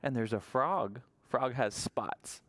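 A man reading a picture book aloud at a library toddler storytime, in an animated sing-song way and often asking the children questions. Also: medium pitch, takes it slowly. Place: public library storytime room.

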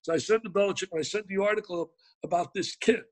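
An older man telling an emphatic, excitable story as an interview guest, repeating words for effect. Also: high-pitched, fast, low-quality recording.

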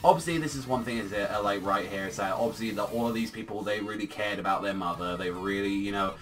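A man's voice: fairly low pitch, quick pace, a bit bright, recorded from a distance. A man giving a casual, rambling manga chapter review, full of filler words and swearing.

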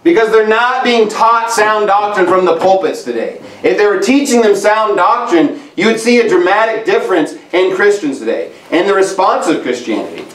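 A man's voice: sits high, lively intonation, normal speed, hardly any pauses, echoey room, recorded from a distance, poor audio. A man preaching a sermon as pastor, emphatic and repetitive, reading scripture aloud. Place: church sanctuary.

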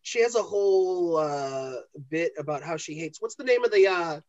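Podcast guest, a man from New England, lively and profane, muffled recording. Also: a little high, moderate pace. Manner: animated, swears freely, slips into comic voices. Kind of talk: casual chat.

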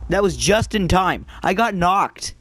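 A man's voice: high voice, lively intonation, a little slow, a bit bright, slight background noise. A young man rambling and joking through casual gameplay commentary as a gaming video creator.

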